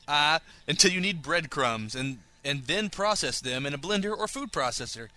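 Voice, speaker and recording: A man's voice: a little high, expressive, normal speed, few pauses, bright, forceful tone, no room sound. A young man co-hosting a casual comedy podcast, joking around and reading listener emails with mock drama. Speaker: podcast co-host.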